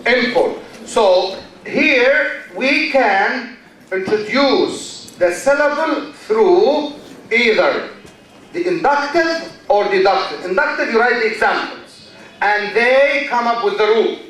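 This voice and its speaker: A man's voice: very high-pitched, expressive, slow pace, fairly bright tone. A middle-aged man lecturing a class, repeating key words and quizzing students. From Egypt. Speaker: university lecturer. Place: lecture hall. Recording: echoey hall, distant mic.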